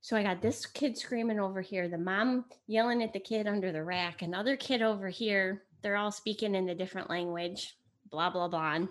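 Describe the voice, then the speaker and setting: Middle-aged woman, Italian first language, animated chatty storyteller, guest mother on a home-made chat show. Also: mid-range voice, moderate pace. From United States. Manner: lively storyteller, acts out quotes. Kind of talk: casual chat. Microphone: camera mic in home setting.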